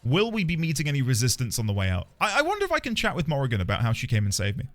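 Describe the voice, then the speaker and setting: This streamer talks very fast in a mid-range, slightly bright voice whose pitch swoops wildly. He keeps the gameplay chat casual, playful, and rambling, often mocking himself. Game music runs underneath.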